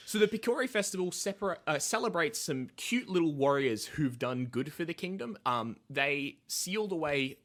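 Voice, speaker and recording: A man's voice: on the high side, a bit bright. Give me a rambling man explaining lore. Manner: rambling, hesitant, swears, lots of fillers. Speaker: podcast host, lore explainer. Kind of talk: casual chat, explaining lore.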